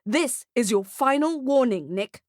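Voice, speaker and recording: A woman's voice: sits high, expressive, unhurried, a little mellow, no echo, studio quality, pitched above the performer's own voice. A woman voicing a weary male boss who scolds firmly in an audiobook. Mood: stern. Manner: firm, scolding.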